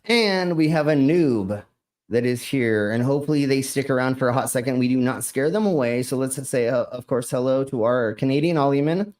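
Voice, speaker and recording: A man's voice: mid-range voice, brisk, darkish tone. A man hosting a casual live stream, laid-back and often laughing, with plenty of stammered restarts. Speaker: stream host. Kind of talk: casual chat.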